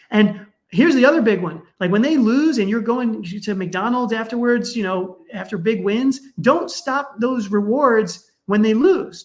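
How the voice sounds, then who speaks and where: A middle-aged man, a sports psychologist guest, speaking in a conversational, animated way and acting out the people in his stories. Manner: animated, acts out quoted parents with raised pitch. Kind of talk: conversational storytelling.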